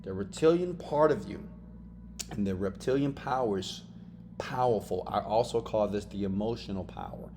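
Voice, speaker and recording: A man's voice: fairly low pitch, moderate pace, background noise. A man giving a motivational self-help lesson, emphatic and full of "right?" and "okay?" tags. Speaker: motivational course teacher. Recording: music playing under the voice.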